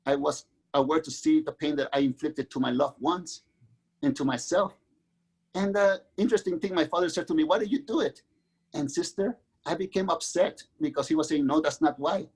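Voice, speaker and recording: A middle-aged man from Mexico, a guest author, telling his own life story in an earnest, halting way with many restarts. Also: on the high side, creaky, a little mellow, husky. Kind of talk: candid personal storytelling.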